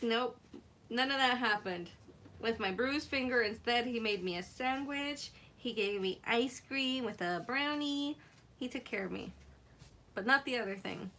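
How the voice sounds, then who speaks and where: Giggly chatty woman host, slightly high. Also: a little slow, bright, forceful tone, a little hiss or hum. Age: adult mother. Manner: giggly, laughs often between remarks; chats with viewers while working. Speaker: craft livestream host. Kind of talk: casual chatty craft demo.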